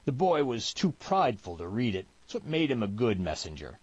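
Husky male storyteller, expressive reading. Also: mid-range voice, fairly quick, dry recording. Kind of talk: scripted storybook narration. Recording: dull, lo-fi, dry recording.

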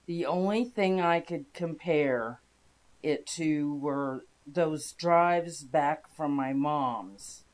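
A narrator giving a calm, steady, scripted reading of first-person inspirational stories. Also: medium pitch.

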